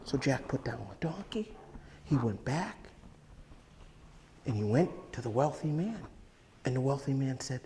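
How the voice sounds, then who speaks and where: A male storyteller spinning a folk tale at an unhurried pace, leaning on dramatic pauses and dropping to hushed asides. The recording sits in an echoey hall with a long reverb and faint noise. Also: medium pitch, sing-song.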